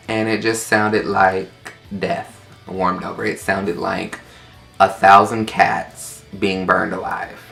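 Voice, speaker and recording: A young man telling a story in casual chat, sassy and animated, acting out quotes in high voices. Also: creaky.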